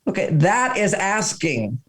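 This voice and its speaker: In this interview, an older author talks in a voice that sits high and moves a little slowly. Animated as he tells his stories, he slips into the voices of the people he's quoting.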